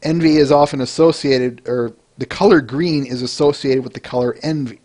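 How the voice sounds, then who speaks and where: A man's voice: medium pitch, steady tone, normal speed, a little mellow. Rambling male podcast host. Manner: rambling, with frequent restarts; responds to listener names between points. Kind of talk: casual review chat.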